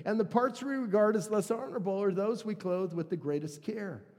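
A high-voiced man preaches to his congregation in an animated, conversational way, slipping in jokes as he goes. His voice carries a long reverb from the church hall around him. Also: fairly quick. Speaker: pastor. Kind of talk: sermon.

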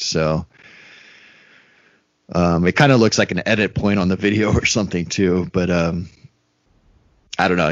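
A man's voice: sits low, no echo. A man co-hosting a casual podcast, rambling with lots of fillers and acted-out quotes. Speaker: podcast co-host. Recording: dry, dull lo-fi sound.

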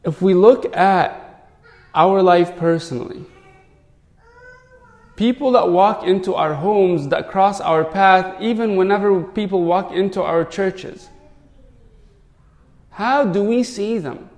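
A man's voice: high voice, takes it slowly, pauses often, darkish tone, long reverb tail. A man, a priest, giving an earnest sermon full of rhetorical questions.

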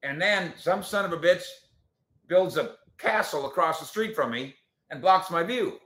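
A man hosts a casual sports talk show and rants opinionatedly at listeners. His voice is bright and forceful. The room has a noticeable echo. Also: fairly high pitch, expressive, normal speed.

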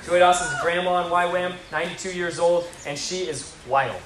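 A man preaching a sermon as a story, animated and building to excitement. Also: high-pitched, normal speed, roomy sound.

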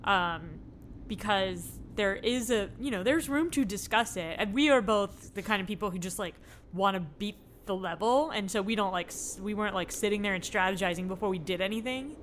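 A woman's voice: medium pitch, normal speed, slight background noise. A woman co-hosting a podcast in casual chat, talking loosely with many fillers and laughs. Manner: chatty, lots of likes and laughs. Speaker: podcast co-host.

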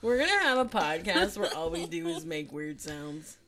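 A young woman co-hosting a silly, casual chat on a chest mic, giggling and breaking into high squealing shouts. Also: expressive, normal speed, crowd noise. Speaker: podcast co-host. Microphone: clip-on chest mic.

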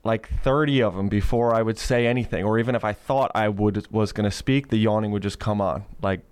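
A man co-hosting a podcast, telling a personal story in a lively, casual way. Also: fairly low pitch, a little fast, smooth, no room sound. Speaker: podcast co-host. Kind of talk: casual chat.

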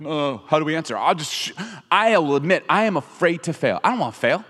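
A middle-aged man preaching a sermon in an animated, conversational way, acting out quotes as he goes. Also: fairly high pitch, brisk. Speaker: pastor. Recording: reverberant hall.

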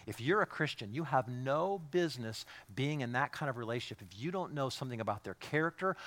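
A middle-aged man, a pastor, preaching a sermon in a lively, joking way and acting out voices of the people he talks about. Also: medium pitch. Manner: animated, jokey, acts out quoted voices.

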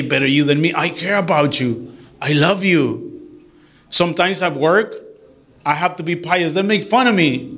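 A middle-aged man who is a deacon, giving an earnest, animated church talk to a group and mixing English with Spanish. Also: a little high.

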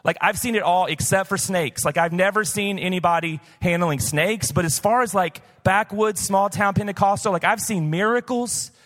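Storytelling pastor in a reverberant church. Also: male voice, high-pitched, moderate pace, hardly any pauses, a bit bright. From southern United States. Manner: conversational, personal storytelling with many "like" fillers. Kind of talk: sermon. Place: church, recorded live. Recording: live church hall reverb.

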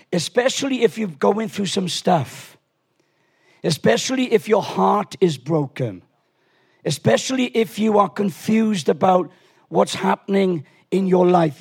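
A guest preacher in his sixties, husky-voiced and pitched high for a man, tells a story to the congregation during a sermon. He's chatty and joking, rambling along and frequently restarting his sentences as he leads the service in a relaxed way.

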